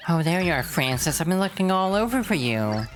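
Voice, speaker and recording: A woman's voice: lowish voice, big pitch swings, fairly quick, pitched above the performer's own voice. A woman voicing a nerdy, lovestruck male chameleon lord who stammers and gets flustered, with game music behind.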